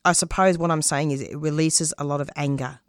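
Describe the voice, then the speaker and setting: A low-voiced woman speaks with earnest, passionate conviction, halting and restarting as she searches for words. Her voice sits deep for a woman. The sound is close and dry. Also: steady tone, no room sound. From Australia. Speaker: radio producer and host, interview guest. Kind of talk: casual interview talk.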